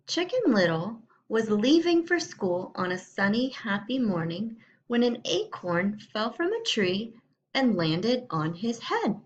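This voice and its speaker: A woman teacher reading a storybook aloud to young students in a slow, clear way. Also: on the high side, very animated, lo-fi sound.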